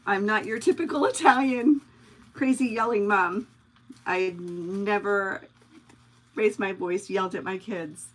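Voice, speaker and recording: Middle-aged lady crafting on a live stream, slow easy pace, chatty and rambly, talks to viewers by name. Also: medium pitch, rough recording. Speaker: craft livestream host. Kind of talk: casual chat while crafting live.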